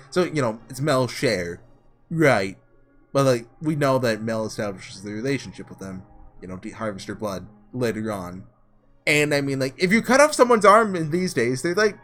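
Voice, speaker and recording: A man's voice: on the high side, fairly bright tone. A man giving rambling commentary in a game playthrough, with lots of "like" and "you know". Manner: rambling, full of "like". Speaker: let's play host.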